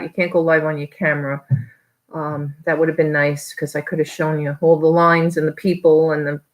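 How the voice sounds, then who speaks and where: Brief: talkative woman, New York accent, low-pitched, loose live-stream chat. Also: low-quality recording. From New York area. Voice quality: chatty, rambling, quick to laugh. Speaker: online reseller vlogger.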